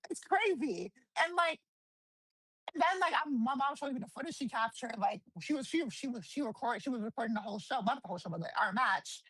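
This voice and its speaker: A woman, a guest wrestler, telling stories in a casual interview, animated, swearing freely and acting out quotes. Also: fairly high pitch, fairly quick, slightly rough, no echo, rough recording. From New Jersey.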